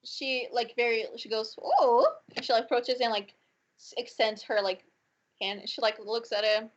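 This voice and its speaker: Brief: high-pitched woman running a tabletop game, giggly and filler-heavy, dull lo-fi sound. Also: flat delivery, moderate pace. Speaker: game master.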